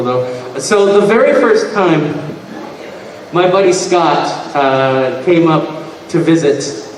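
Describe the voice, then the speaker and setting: A man's voice: on the high side, darkish tone, slight background noise. A man telling rambling stand-up stories on a convention panel, slipping into voices for the people in them. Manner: rambling anecdotes, mimics voices. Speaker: guest comedian telling stories. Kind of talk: stand-up storytelling. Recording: echoey hall from far off.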